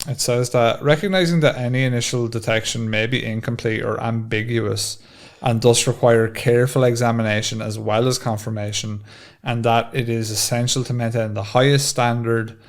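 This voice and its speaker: Gravelly Irish man, casual podcast chat. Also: medium pitch. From Ireland. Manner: reads a document aloud with stumbles. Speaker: podcast co-host.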